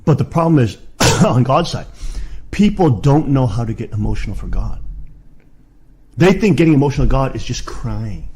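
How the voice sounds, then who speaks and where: A middle-aged man preaching in a fiery rant, swinging from low muttering to shouted insults. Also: sing-song, moderate pace, husky.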